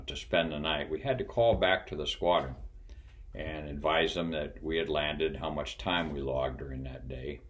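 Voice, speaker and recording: An older man with an extremely deep, low voice recalls his flying days. His talk is folksy and unhurried, full of pauses and little chuckles. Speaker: retired pilot and flight instructor. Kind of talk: casual storytelling.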